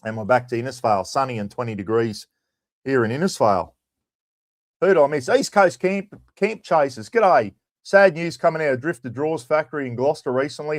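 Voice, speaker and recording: A man's voice: medium pitch, no room sound, studio quality. A middle-aged Australian man hosting a casual livestream chat. He greets viewers by name and drops in casual swearing. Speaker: livestream host.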